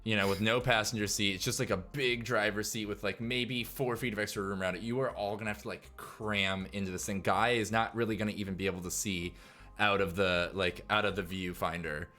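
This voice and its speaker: A man's voice: fairly low pitch, fairly even intonation, fairly quick, sharp tone, faint music behind. A man narrating as game master of a sci-fi tabletop game, casual and full of fillers and sound effects.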